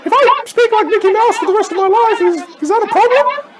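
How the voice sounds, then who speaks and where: A man voicing a cheerful cartoon mouse in a very high, squeaky falsetto, exclaiming every line. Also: animated, fairly quick. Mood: gleeful. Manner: gleeful, exclaiming. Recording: live talk with loud crowd and noise.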